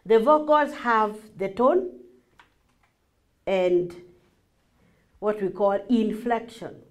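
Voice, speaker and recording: A woman with a Kenyan accent teaching a class as a marriage coach, acting out lively examples and slipping in Swahili. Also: medium pitch, very slow. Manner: animated, acts out examples, mixes in Swahili.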